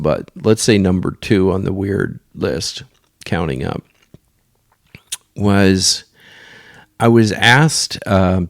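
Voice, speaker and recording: A deep-voiced man tells a story on his podcast in an offhand, rambling way. His voice has a gravelly fry to it, and the sound is dry and close. He wanders through asides and restarts, with the odd crude remark. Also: dry recording. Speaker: podcast host telling sailing stories. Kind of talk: casual storytelling.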